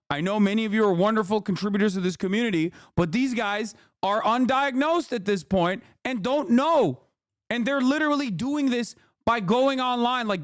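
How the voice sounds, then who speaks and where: A man streaming a heated, profane reaction rant, shouting and mocking as he goes. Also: high-pitched, dry recording, clean studio sound.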